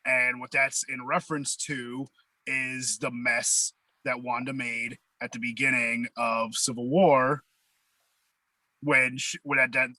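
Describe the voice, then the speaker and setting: Man, podcast guest, halting explainer, very bright voice, dry close sound. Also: mid-range voice, little pitch movement, dry recording, rough recording. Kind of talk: casual chat.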